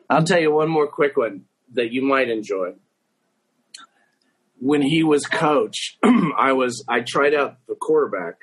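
Man, late thirties, husky, casual storytelling, swears freely, self-mocking. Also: medium pitch, animated, measured pace, poor audio.

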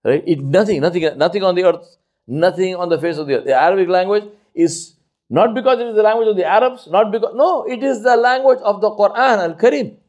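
Emphatic male Islamic lecturer. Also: dull audio. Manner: emphatic and repetitive, swinging between loud high stresses and low quiet asides; slows to stress key phrases. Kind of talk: religious talk on outreach.

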